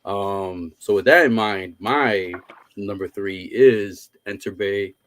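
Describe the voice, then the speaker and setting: Chill guy w a lowish voice, keeps saying man, talking over a call. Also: slow pace, fairly bright tone. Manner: easygoing, says "man" a lot. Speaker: collector, stream guest. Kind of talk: casual chat.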